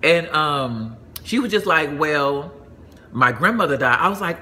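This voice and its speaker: A young adult man from Atlanta telling a personal story in a casual, animated way, jumping into high voices for the people he quotes. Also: measured pace.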